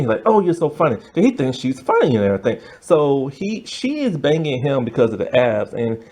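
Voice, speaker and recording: A man's voice: mid-range voice, breathy edge. Rambling man reviewing a show. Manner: rambling and animated, many fillers. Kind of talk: casual video review.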